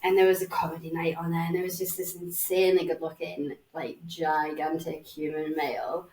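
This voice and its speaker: A woman's voice: deep voice, little pitch movement, fairly quick, a little mellow. Chatty northern english woman, roomy sound. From Northern England. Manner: chatty, swearing, acts out voices. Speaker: podcast guest. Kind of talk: casual chat, storytelling. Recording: roomy, slightly distant mic.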